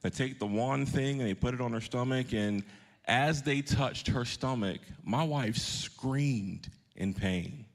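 A man's voice: mid-range voice, takes it slowly. Man in his thirties, pastor, earnest storytelling sermon, questions to the congregation, mid-range voice. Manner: earnest, shifting pace for emphasis.

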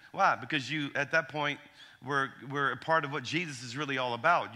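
Pastor, forties, male; bright, crisp tone, humorous sermon storyteller. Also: a little high. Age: 40s. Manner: storytelling with humor, animated asides.

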